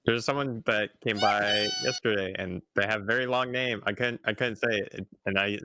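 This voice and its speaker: A man's voice: lowish voice, moderate pace, background noise. A young man chatting casually with a co-streamer, laid-back and giggly, with short reactions. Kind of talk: casual chat on a livestream.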